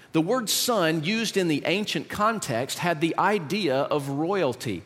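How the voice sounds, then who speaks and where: A pastor preaches a sermon in a reverberant church hall, his voice on the high side with a fairly bright tone. His delivery is conversational and uses rhetorical questions.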